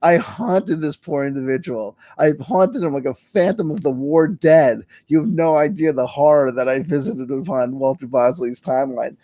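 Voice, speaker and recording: A man hosting a stream, telling a casual story and acting out old online exchanges with laughs and quick asides. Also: medium pitch, no room sound. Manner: animated, laughing, acts out quoted exchanges. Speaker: stream host. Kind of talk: casual storytelling with mock readings of tweets.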